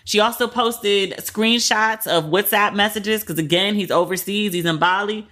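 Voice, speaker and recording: Bright-voiced woman dishing candid gossip. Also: mid-range voice, normal speed. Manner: candid and profane, heavy use of "like"; retells others' words in quoted asides. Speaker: podcast host. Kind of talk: casual pop-culture commentary.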